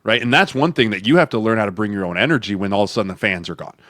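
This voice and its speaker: A man co-hosting a football podcast, telling locker-room stories with lively acted-out voices and a habit of saying "right?". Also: lowish voice, no echo, studio quality. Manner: animated storytelling, acts out coaches and players in quick voices, says "right?" a lot. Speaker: podcast co-host, former NFL lineman. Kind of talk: casual sports podcast chat.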